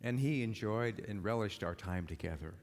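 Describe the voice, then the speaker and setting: Minister preaching in a ringing hall. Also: male voice, lowish voice, lively intonation, moderate pace, darkish tone, slight background noise. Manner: rousing, repeated calls to act. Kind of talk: sermon with personal story. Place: church hall. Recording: long reverb of a large hall.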